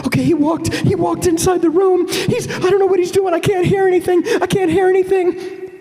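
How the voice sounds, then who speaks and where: A man's voice: extremely high pitch, flat delivery, brisk, mellow, long reverb tail, pitched above the performer's own voice. A man voicing a panicked, drunk grown man trapped in a bathroom, who stammers and shrieks frantic pleas. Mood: terrified.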